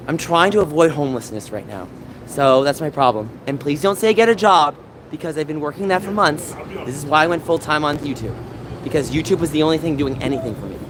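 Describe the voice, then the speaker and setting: High-voiced man venting on a windy livestream. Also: fairly quick. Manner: rambling, aggrieved, venting with frequent restarts. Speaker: gaming livestreamer. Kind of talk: casual livestream chat reading live chat. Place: San Francisco.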